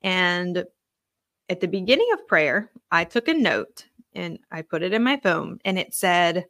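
A woman's voice: on the low side, animated, unhurried, a bit bright, no room sound, studio quality. A young adult woman hosting a podcast alone, telling a personal faith testimony in an earnest, conversational way with lots of fillers. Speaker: podcast host.

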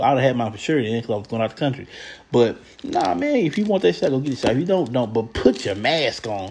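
A man hosting a show, giving casual, comedic commentary on news stories in a blunt, profane, animated way. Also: on the high side.

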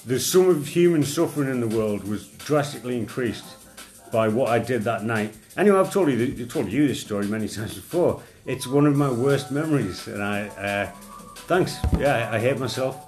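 A man's voice: mid-range voice, animated, a little fast, darkish tone. A man from Durham chats loosely on a podcast. He rambles, restarts and mocks himself at his own expense. Faint music sits under his voice. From England, Durham. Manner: self-deprecating, rambling, with restarts. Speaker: podcast co-host. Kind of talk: casual sweary chat.

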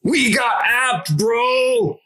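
A man's voice: a little high, big pitch swings, normal speed, sharp tone. An actor playing a big, chummy male coworker with an Albanian accent at a sketch table read. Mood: brash. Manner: brash, says bro and man a lot.

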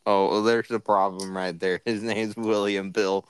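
Slow, smooth-voiced laughing man. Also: fairly low pitch, level tone, dry recording. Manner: laughs a lot, joking impressions. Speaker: podcast co-host. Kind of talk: casual chat.

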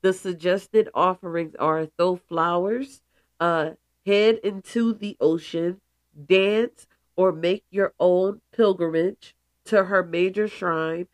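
Stuffy-nosed woman in slow, emphatic spiritual talk. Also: on the low side, steady tone, no echo. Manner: emphatic, playful asides, calls listeners goddesses. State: stuffy, congested. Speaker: spiritual podcast host.

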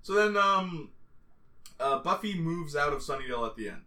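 Casting: young man, bright forceful voice, excitable recapper, slightly distant from the mic. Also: on the high side. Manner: fast, excitable storytelling, slips into quoted voices. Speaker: co-host recapping a TV series. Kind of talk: casual chat.

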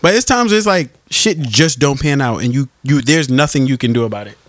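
Animated young man in casual podcast banter. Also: brisk, dry recording, studio quality. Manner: animated, laughs often, swings pitch high for emphasis. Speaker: podcast co-host. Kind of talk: casual chat.

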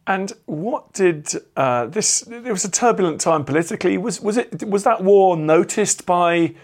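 A man hosting a podcast, asking halting interview questions with several restarts. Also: high-pitched, lively intonation. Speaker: podcast host.

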